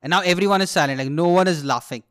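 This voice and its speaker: A young man with an Indian English accent, a podcast host and aspiring comedian who tells a story in a comedic monologue. He is animated, swears freely and laughs at his own jokes. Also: high-pitched, fast, clear, resonant tone.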